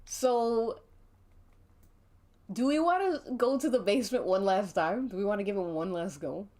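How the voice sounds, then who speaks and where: A woman's voice: medium pitch, normal speed, darkish tone. A woman narrating a murder mystery tabletop game on a stream, giggling playfully as she runs the scene. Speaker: game master.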